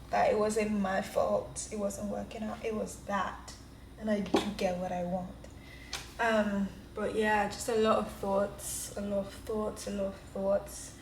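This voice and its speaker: Speaking at a slightly slow pace with fairly even intonation, this young woman has a mid-range voice. She's chatting to her camera in her apartment, candid and self-reflective, laughing frequently. The recording carries some hiss or hum and an echo from the roomy indoor space.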